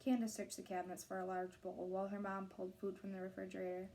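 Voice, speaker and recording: A woman reads a novel aloud in a steady, clear storytelling voice. Her tone is mellow and soft rather than bright. She moves evenly through the chapter. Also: medium pitch, quick pace, slight background noise. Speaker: reader of a novel.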